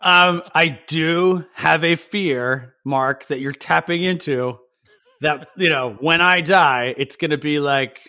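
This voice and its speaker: A man who creates TV shows, speaking as a guest in an earnest, reflective way with halting restarts. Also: a little high, bright, forceful tone. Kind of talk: casual podcast interview.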